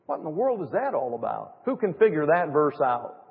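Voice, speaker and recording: A man's voice: fairly high pitch, big pitch swings, brisk, creaky. A man preaching a sermon in an emphatic way, with sarcastic mock quotes. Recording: tinny phone-like audio in a reverberant hall.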